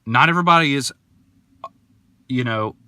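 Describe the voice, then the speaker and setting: A young man hosting a podcast, telling a story in a casual, animated and indignant way, acting out the people in it. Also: mid-range voice, moderate pace, clear, resonant tone, no echo. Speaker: podcast host.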